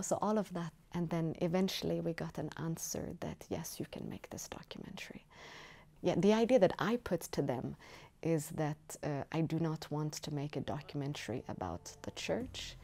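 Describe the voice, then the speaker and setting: A woman with a low, mellow voice and a gravelly edge, speaking in a festival interview. She talks about her work in a reflective, measured way, taking time to find her words. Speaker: documentary filmmaker.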